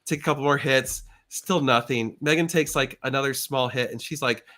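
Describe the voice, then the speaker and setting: A middle-aged man hosting a live show, telling an animated story and acting out the voices in it with big jumps in pitch. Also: moderate pace. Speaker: show host.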